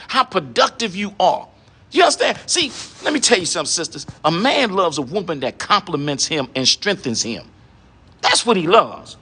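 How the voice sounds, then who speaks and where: Middle-aged man, high bright voice, preachy lecturing monologue full of rhetorical questions. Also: slightly rough. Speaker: online commentator addressing women.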